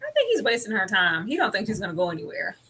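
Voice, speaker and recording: Bright, sassy woman co-host. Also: mid-range voice, husky. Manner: animated, sassy, quick jumps in loudness. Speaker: podcast co-host. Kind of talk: casual reaction chat.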